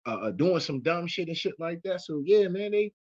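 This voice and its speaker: A man's voice: on the high side, big pitch swings, moderate pace, a little mellow. A man hosting casual commentary, telling a story in a profane, rambling way full of fillers. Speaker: host. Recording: muffled lo-fi audio.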